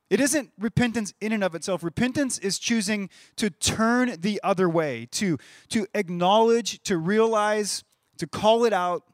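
A man's voice: high-pitched, no echo, studio quality. A man in his thirties giving a sermon in a conversational way, often repeating words as he starts a phrase. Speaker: pastor.

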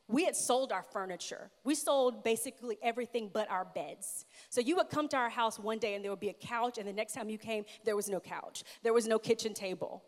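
A woman's voice: fairly high pitch, a little fast. A middle-aged woman giving an earnest, emphatic sermon-style testimony, repeating her key phrases. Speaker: speaker at a church. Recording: long hall reverb.

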